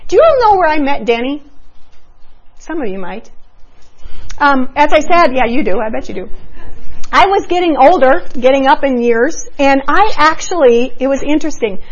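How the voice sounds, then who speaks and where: A middle-aged woman giving an earnest testimony talk to young women at a Christian retreat, telling stories and acting out the voices in them. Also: high voice. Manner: earnest storytelling, acts out quoted voices. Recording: dull lo-fi recording.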